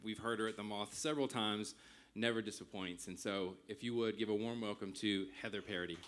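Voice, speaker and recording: A man hosting a live storytelling night, introducing the next teller on a club stage mic, a little halting with fillers. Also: fairly low pitch, over a noisy crowd, heavy background noise. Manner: halting, with fillers, praising the guest. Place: stage of a small music club. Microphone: stage microphone fed from the soundboard.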